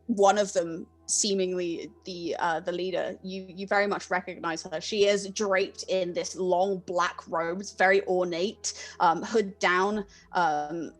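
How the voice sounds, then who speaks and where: A young woman narrates as game master for a tabletop horror game, painting scenes in detail and pausing on frequent ums. Her pitch sits in an ordinary middle range. Soft music plays faintly behind her.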